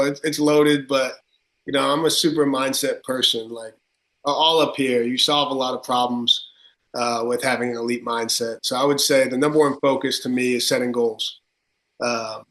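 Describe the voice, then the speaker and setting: A man with a tri-state accent talks in an emphatic, energetic run with many fillers, answering questions as a football coach. His middle-pitched voice rings in a roomy, echoing space. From Connecticut. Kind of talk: podcast interview. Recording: roomy echo.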